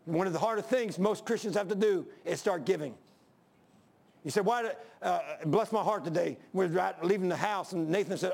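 An older pastor preaches in a high, gravelly voice. He is folksy and emphatic, circling back to the same point again and again. The voice carries in a church during a sermon. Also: a little fast, a little mellow.

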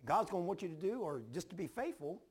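An older man preaching a sermon, telling his own story in a folksy, repetitive way with sudden loud bursts. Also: sits high, lively intonation, quick pace, slightly rough. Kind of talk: sermon with personal testimony.

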